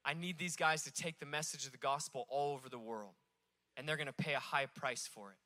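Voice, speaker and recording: A man voicing Jesus as a calm, scheming male teacher in a sermon, talking in a wry, conversational way. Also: mid-range voice, fairly quick, voice pushed down, lightly acted.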